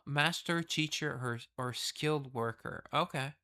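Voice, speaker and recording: A man's voice: mid-range voice, a little slow, vocal fry, bright, forceful tone. A man casually reading a game's story aloud and rambling through asides and self-corrections. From the West. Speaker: game streamer reading the story.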